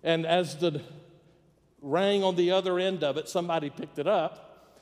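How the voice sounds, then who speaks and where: Guy pastor preaching, slightly high voice, long echo in the church. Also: fairly even intonation, normal speed, darkish tone. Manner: storytelling, plays out quoted voices with jokes. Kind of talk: sermon. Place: church sanctuary. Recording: long reverb of a church hall.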